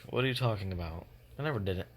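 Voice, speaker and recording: A bewildered male hero defending himself in a spoken fan retelling, as a man acts him out. The voice is low and the delivery halts and restarts, with faint noise behind. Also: expressive, natural voice. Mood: defensive. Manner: halting, with fillers and restarts.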